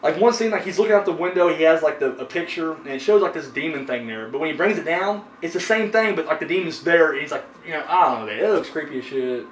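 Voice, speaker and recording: A man's voice: fairly high pitch, expressive, fast, few pauses. A man hosting a horror movie review show, chatting casually and rambling with lots of fillers and swearing. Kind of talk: casual chat. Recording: echoey room from a distance with faint noise.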